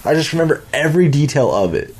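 A man's voice: a little high, fast, slightly rough. A young man casually recounting a vivid dream, rambling and swearing as he goes. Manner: rambling, swearing, lively retelling with restarts. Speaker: dad telling a dream. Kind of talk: casual storytelling.

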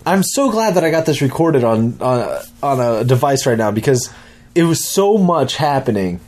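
Speaking at a normal pace in a mid-range voice, this young dad recounts a vivid dream he had. It's casual storytelling, full of rambling, swearing, and lively restarts.

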